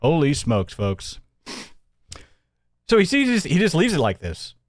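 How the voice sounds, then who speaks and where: Hosting a livestream, this man speaks a little slowly in a fairly high voice that swoops wildly in pitch. He rambles and mocks while commenting and thanking viewers, chuckling often, and the studio-quality audio has no room sound.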